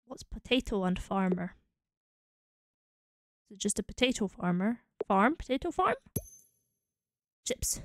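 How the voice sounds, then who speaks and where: A woman's voice: medium pitch, a little slow, pauses often, no room sound, studio quality. A Scottish woman streaming a game, musing aloud as she tries out combinations. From Scotland. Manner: musing, trying combinations out loud. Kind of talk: casual thinking aloud while playing.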